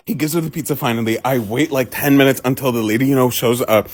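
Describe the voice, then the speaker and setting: A woman's voice: rumbling low, fast talker, few pauses, a little mellow. A woman telling a storytime vlog, acting out both sides of a phone call.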